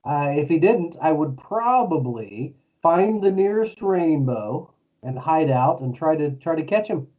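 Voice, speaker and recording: Laid-back middle-aged male co-host, slightly higher voice, distant dull recording. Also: animated, a little slow, mellow. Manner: laid-back, chuckling, storytelling. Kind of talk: casual chat. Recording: distant, muffled lo-fi mic.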